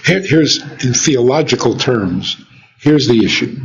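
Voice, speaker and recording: A man's voice: medium pitch, expressive, unhurried, gravelly, dull audio. A man who is a rabbi, giving an informal teaching talk full of rhetorical questions, often chuckling. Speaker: rabbi and lecturer.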